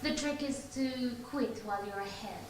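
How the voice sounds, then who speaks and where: An actress playing a poised, sharp-tongued woman in an audition scene, replying in a dry, composed way. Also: a little high, normal speed, close to an everyday voice. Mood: cool. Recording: very echoey room, distant mic, noisy.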